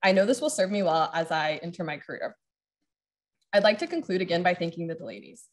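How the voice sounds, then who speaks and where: Student speaker at a ceremony: a woman in her twenties, sincere and grateful, with a fairly low voice. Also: big pitch swings, brisk. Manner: earnest, grateful, briefly choked up. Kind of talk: prepared speech at a ceremony.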